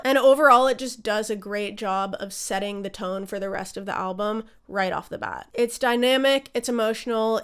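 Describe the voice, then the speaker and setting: A young woman talks to her audience in a relaxed, chatty way, bubbly and enthusiastic, with casual swearing mixed in. Her voice sits a little high and sounds smooth and clean. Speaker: music video creator ranking album songs. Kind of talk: casual talk to camera.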